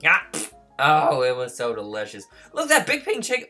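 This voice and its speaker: A man giving excitable let's-play commentary, yelping and squealing in mock distress and teasing in a playful, childlike way. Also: medium pitch, moderate pace, soft background music. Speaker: gaming YouTuber.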